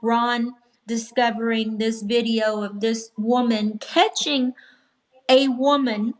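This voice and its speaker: A woman's voice: on the high side, steady tone, slow. A woman guest on a casual talk show, speaking in an earnest, emphatic way.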